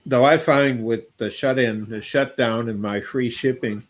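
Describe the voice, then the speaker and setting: A man's voice: mid-range voice, fairly even intonation, a little slow. Rambling older man, muffled call audio. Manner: rambling, self-deprecating, laughs often. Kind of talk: casual chat. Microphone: video call.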